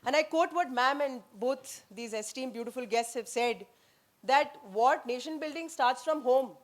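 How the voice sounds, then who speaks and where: A middle-aged woman with an Indian English accent, a former army officer speaking at a leadership summit, telling lively anecdotes and making punchy, emphatic points. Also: high voice, moderate pace. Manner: lively storyteller who acts out quotes and slips into Hindi.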